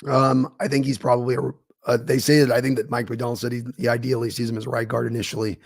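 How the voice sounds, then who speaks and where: A man co-hosting a casual podcast chat, his voice going hoarse, talking confidently through his analysis with filler ums. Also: medium pitch, flat delivery, fast, no room sound, clean studio sound. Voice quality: gravelly, husky. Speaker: co-host.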